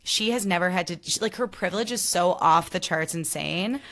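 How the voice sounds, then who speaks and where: Chatty lower-voiced woman gossiping. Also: brisk. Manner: animated, lots of "like" fillers, mimics people. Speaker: podcast host. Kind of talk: casual chat.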